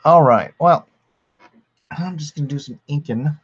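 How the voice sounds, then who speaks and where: Fairly high-pitched with a breathy edge, this man speaks at a measured pace over dull audio while hosting a drawing livestream. He's relaxed and chatty, and he reads the chat aloud, laughing at it.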